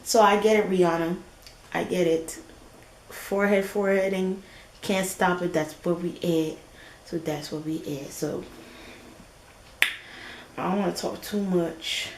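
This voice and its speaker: A woman's voice: fairly low pitch, steady tone, unhurried, pauses often, a little mellow, slight background noise, rough recording. A woman vlogging in a casual, chatty way, talking straight to her viewers. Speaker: lifestyle vlogger. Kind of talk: casual vlog chat to camera.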